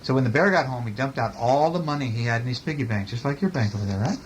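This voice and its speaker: A father reading a bedtime picture book aloud to his child, gentle, stopping to ask questions as he goes. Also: mid-range voice, lively intonation, fast, noisy background.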